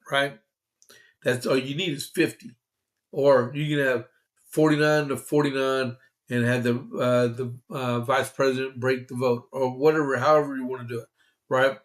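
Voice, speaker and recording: A male podcast host riffs through the day's political news in a loose, rambling way, stopping often for fillers. His voice sits at an ordinary middle pitch, and he drops in dry, sarcastic asides as he goes. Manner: rambling, conversational, many fillers. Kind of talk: casual political commentary livestream.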